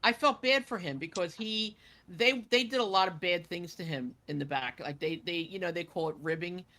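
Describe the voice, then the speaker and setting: A woman's voice: on the low side, moderate pace, bright, forceful tone. A woman guest telling casual stories with many fillers in a chatty, rambling way. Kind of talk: casual storytelling interview.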